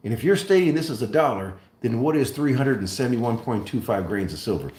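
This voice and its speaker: A man hosting a live stream, speaking emphatically and deliberately, repeating key points like a lecturer. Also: lowish voice, a little mellow, echoey room. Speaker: host. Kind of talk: live-stream monologue on precious metals.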